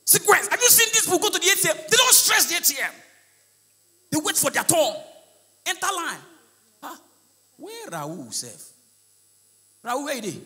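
A Nigerian man with a Nigerian accent doing live stand-up comedy, shouting his punchlines and slipping into Pidgin. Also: very high-pitched, very animated, normal speed, long pauses, in a large hall. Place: large live comedy venue with audience.

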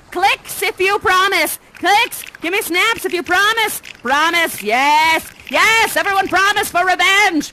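A woman's voice: high-pitched, sharp tone, slight background noise, exaggerated voice. A woman playing an exiled mother sorceress in live interactive theater, coaxing and playfully dramatic, doting on her audience. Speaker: immersive theater actor.

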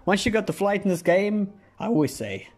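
A man's voice: high voice, big pitch swings, brisk, darkish tone, faint music behind. A young man giving rambling, sarcastic commentary while playing a game, often trailing off and restarting his sentences. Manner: wandering, sarcastic, self-interrupting. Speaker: gaming YouTuber. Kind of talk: rambling commentary over gameplay.

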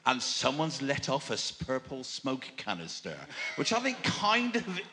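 An interviewer, co-organiser of a fan convention, asking questions on stage in a friendly, self-deprecating way. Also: male voice, medium pitch, wildly swooping pitch, measured pace, background noise. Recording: reverberant hall.

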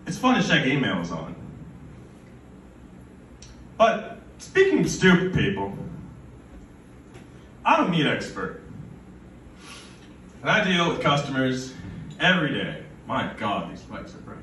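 A man's voice: mid-range voice, wildly swooping pitch, slow pace, pauses often, sharp tone. A young man performing a stand-up comedy set with rambling, absurd, stammering delivery at a live event. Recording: roomy, from far off, faint noise.

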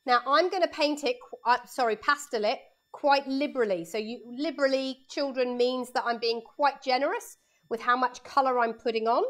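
A woman's voice: sits high, normal speed, a bit bright. A woman art teacher giving a live painting lesson for children in her studio, chatting and explaining each step as she draws, speaking into a lapel mic.

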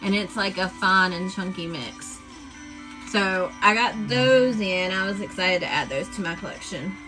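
A woman talks slowly and chattily through her craft haul on a live stream, unhurried and enthusiastic, with plenty of fillers. Music plays clearly behind her voice. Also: mid-range voice, low-quality recording. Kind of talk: casual live-stream chat.

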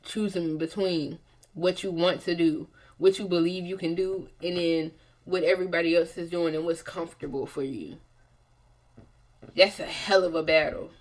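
Animated young woman reacting to music. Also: on the low side, moderate pace. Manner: animated, rambling, restarts and fillers like "like". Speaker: music reaction video host. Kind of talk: casual reaction commentary.

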